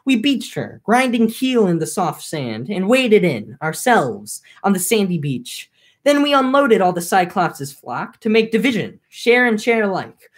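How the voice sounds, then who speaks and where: A woman's voice: mid-range voice, sing-song, unhurried. A young woman reading an ancient epic aloud, breaking off for casual, filler-heavy commentary. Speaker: reader.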